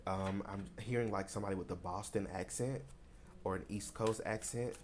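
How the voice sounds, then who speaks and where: A man's voice: on the low side, steady tone, moderate pace, slight background noise. A man from Tennessee, giving a casual, rambling tarot card reading. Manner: rambling and conversational, many fillers. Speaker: tarot reader.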